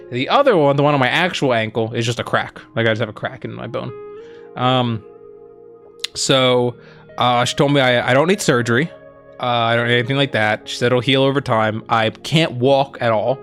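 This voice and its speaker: A young man casually telling a story as a co-host, rambling with lots of fillers and quoting people in animated bursts. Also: medium pitch.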